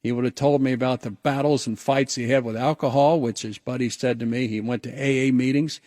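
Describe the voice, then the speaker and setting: A man's voice: mid-range voice, fairly even intonation, brisk, darkish tone, dry recording. Earnest man telling a story on radio. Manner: earnest, reflective storytelling with repeated restarts. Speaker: radio host. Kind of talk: personal story told on radio.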